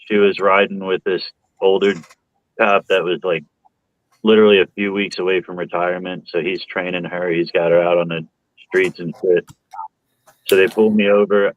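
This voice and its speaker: A young man telling stories in casual chat, profane and animated, acting out what people said. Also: sits low, no room sound, phone-quality sound.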